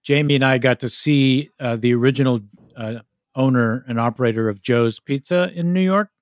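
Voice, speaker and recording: A man's voice: medium pitch, normal speed, no echo, clean studio sound. A man hosting a comedy podcast, chatting casually and reading out listener mail, often interrupting himself. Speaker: podcast host.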